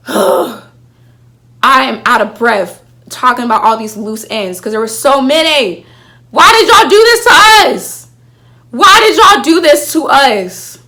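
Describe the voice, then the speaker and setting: A young woman vlogging in a casual, animated way, slangy and full of rhetorical questions. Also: a little high. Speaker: vlogger reviewing a TV show. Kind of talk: casual chat to camera.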